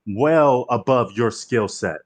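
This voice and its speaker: A man's voice: mid-range voice, takes it slowly. A man voicing an exasperated, sarcastic adult who scolds a band of young adventurers. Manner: sarcastic, mocking. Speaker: tabletop game player.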